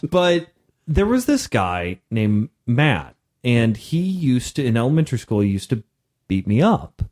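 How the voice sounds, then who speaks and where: Animated storytelling man in his thirties. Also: mid-range voice, a little slow. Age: 30s. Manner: animated, acts out voices in his stories. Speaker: podcast co-host. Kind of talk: casual storytelling chat.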